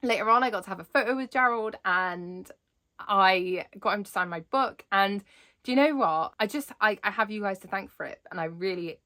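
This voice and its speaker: A woman's voice: mid-range voice, animated, moderate pace, sharp tone. A young adult woman chatting in a vlog, bubbly and rambling, laughing often as she talks. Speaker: Disney vlogger.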